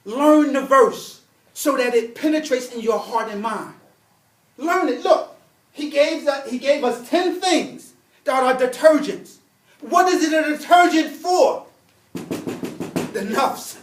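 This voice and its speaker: A man teaching an Arabic religious text in class, emphatic and animated, repeating key points and reading Arabic quickly. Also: very high-pitched, reverberant, recorded from a distance. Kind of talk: classroom lesson.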